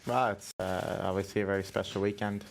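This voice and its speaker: Hesitant gravelly-voiced male driver. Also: low voice, fairly even intonation, brisk, slight background noise. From Canada. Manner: hesitant, many fillers. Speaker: racing driver. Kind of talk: press conference answers.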